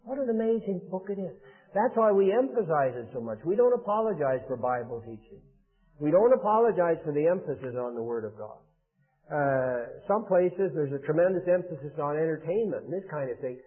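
Male preacher, slightly high voice, earnest exhorting sermon delivery, thin phone-like radio sound. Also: lively intonation, fairly quick. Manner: earnest, repetitive exhortation with fillers.

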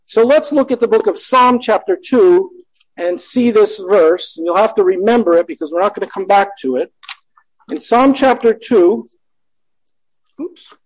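A man with a notably high voice leads a Bible study. He talks in a relaxed, conversational way, reads passages of scripture aloud and often stops to correct his own wording. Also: normal speed, rough recording. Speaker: Bible teacher.

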